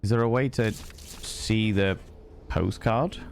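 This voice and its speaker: A man's voice: lowish voice, takes it slowly, creaky, slight background noise. A man streaming a horror game, reading notes aloud, swearing and thanking viewers. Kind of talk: casual live gameplay commentary.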